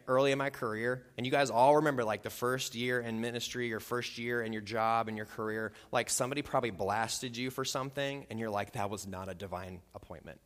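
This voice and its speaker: A man preaching a conversational sermon as pastor, acting out quotes with lively voices. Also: on the low side. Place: church sanctuary. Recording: long hall reverb.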